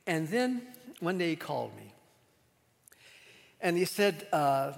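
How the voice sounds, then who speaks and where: A male pastor tells a story from the pulpit in a fairly high voice, conversational and unhurried, dropping into quiet asides now and then. A long reverb from a large hall trails each phrase. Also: sing-song, creaky. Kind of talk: storytelling sermon.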